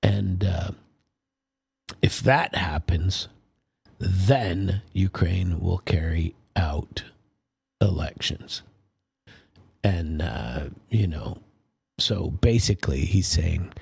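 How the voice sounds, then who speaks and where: A man's voice: low-pitched, drawn-out words, creaky, pauses often, a little mellow, breathy edge, no echo. A man hosting a political commentary show, talking casually and rambling with many fillers and restarts. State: sleepy, yawning.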